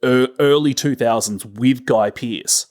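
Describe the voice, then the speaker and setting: A man's voice: medium pitch, measured pace. Dry, sardonic Australian man. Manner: dry, sardonic, deadpan jokes. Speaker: podcast co-host. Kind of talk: casual film-review chat.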